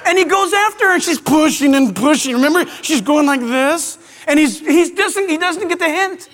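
A man preaching a sermon to a live audience in a large auditorium, animated, with playful asides. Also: very high voice, normal speed, big-room sound. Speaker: pastor.

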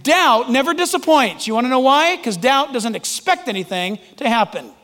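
Pastor guy preaching, very high voice, calls out people by name, echoey church. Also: lively intonation, moderate pace, a bit bright. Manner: emphatic, calls on listeners by name, joking. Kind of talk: sermon.

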